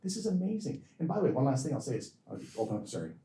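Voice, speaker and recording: A physician answering audience questions after a lecture, talking in long, rambling stretches that stop, restart and repeat words. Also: male voice, mid-range voice, very animated, rapid-fire, warm tone, slight background noise. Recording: echoey hall from far off.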